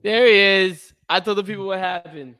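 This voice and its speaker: A man's voice: sits high, steady tone, moderate pace, sharp tone. A young man co-hosting a sports livestream, chatting casually and rambling while he waits for his partner, yawning now and then. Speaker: podcast co-host.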